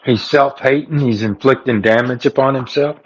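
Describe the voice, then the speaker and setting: A man's voice: medium pitch, moderate pace, breathy edge, lo-fi sound. A man chatting as a co-host on a livestream, adding chuckling asides. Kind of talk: casual chat.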